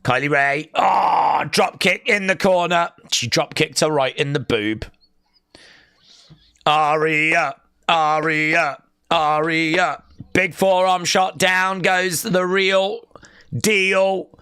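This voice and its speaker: A young man hosting a live wrestling watch-along, calling the action and chatting with viewers, often shouting at big moves. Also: on the high side, fairly even intonation, slow, clear, resonant tone, no room sound, studio quality.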